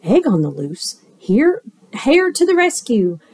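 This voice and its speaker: A woman voicing a quick, eager male hare in a read-aloud picture book, exclaiming in a raised voice. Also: big pitch swings, breathy edge, heavily acted. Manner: bright, exclaiming, high-pitched.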